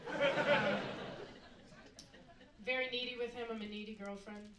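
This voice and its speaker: An American woman on a club stage delivers a stand-up set in a somewhat high voice. She is wry and playful, slipping into little impressions of the people in her stories. The sound is roomy and a little distant, with a loud audience laughing behind her. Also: a loud crowd, very noisy. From United States. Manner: wry, quick punchlines, playful mimicry of others. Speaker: stand-up comedian. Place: comedy club stage before a live audience.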